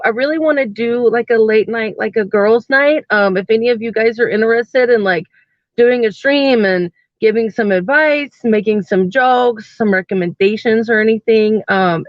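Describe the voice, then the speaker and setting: A woman's voice: a little high, no room sound. Rambling woman streamer, dull lo-fi sound. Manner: chatty and rambling, many fillers and likes. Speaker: live streamer. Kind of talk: casual live-stream chat.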